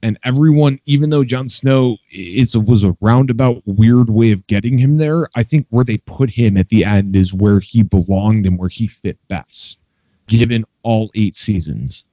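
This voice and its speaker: A man's voice: fairly low pitch, moderate pace, warm tone, no echo, highs cut off. A man co-hosting a podcast, giving rambling hot takes in casual chat with lots of fillers. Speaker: podcast co-host.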